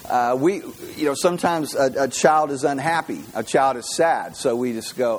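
A man's voice: medium pitch, normal speed, few pauses, husky. A man preaching a casual, conversational sermon as pastor, telling stories with lots of repeated restarts. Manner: animated storyteller, many repeated restarts.

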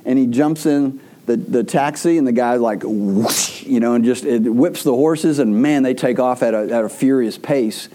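A pastor with a warm, mellow voice preaches a sermon to his congregation. He tells stories loosely and conversationally, stumbling and restarting often as he goes. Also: mid-range voice, normal speed, few pauses. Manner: rambling storyteller with frequent restarts.

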